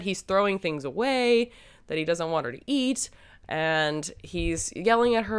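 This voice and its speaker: A woman's voice: mid-range voice, expressive, moderate pace, clean tone. A young adult woman hosting a podcast, casually recapping a film with lots of fillers and hedges. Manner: chatty, many fillers and hedges. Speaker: podcast host.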